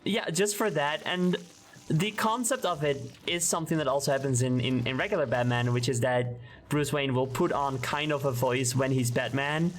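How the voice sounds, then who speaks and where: A man's voice: mid-range voice, steady tone, moderate pace. A man chatting casually while streaming a game, rambling and restarting sentences, often breaking into giggles. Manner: rambling, self-interrupting, giggly. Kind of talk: casual gaming stream chat.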